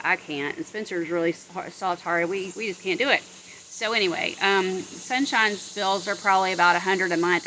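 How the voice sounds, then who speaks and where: Rambling woman chatting outdoors, bright low voice. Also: slight background noise, poor audio. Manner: rambling, with frequent restarts and asides. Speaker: vlogger. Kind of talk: casual chat to camera. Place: outdoors in a yard near bird feeders.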